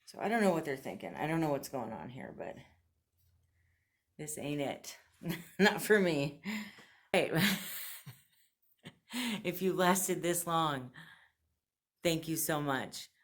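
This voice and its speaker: A fashion subscription box vlogger vents to camera, blunt and frustrated, laughing between complaints. Her low voice is animated but slow, with long pauses.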